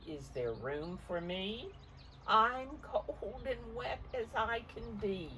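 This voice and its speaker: A small, soggy storybook pig pleading to be let in, its voice pushed up high and squeaky as a woman reads it aloud. The words are drawn out slowly, with wide swoops in pitch. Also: animated, noisy background. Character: small cold, wet farm pig asking for shelter. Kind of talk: reading a picture book aloud.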